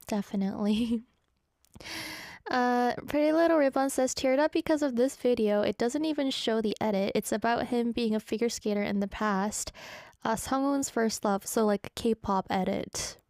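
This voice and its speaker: On the high side and a bit creaky, her voice is also a little mellow, delivered at normal speed. This young radio host, on a studio microphone in a radio studio with clean sound and no echo, chats in a giggly, self-deprecating way while reading listener messages.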